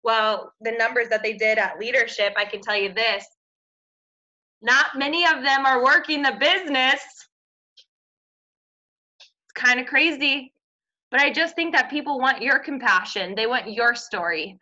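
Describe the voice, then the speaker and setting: A woman's voice: on the high side, a little slow, long pauses, sharp tone. A woman coaching her team with an earnest, upbeat motivational talk about gifts and purpose. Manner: earnest, upbeat, faith-based encouragement. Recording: dull lo-fi audio.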